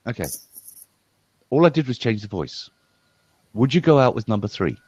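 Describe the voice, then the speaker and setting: A man's voice: mid-range voice, very animated, normal speed, dull audio, noisy background. A middle-aged man, a voice coach, giving a playful, rambling demonstration and talking straight to one viewer. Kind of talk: lively demonstration talk.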